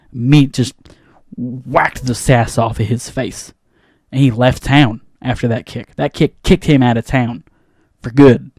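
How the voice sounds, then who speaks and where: A man's voice: medium pitch, mellow, no echo, studio quality. Rambling, flustered man ranting at a mic. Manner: flustered ranting with many restarts. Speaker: comedy podcast host playing a janitor. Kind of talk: rambling comic monologue. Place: studio booth. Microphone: studio microphone.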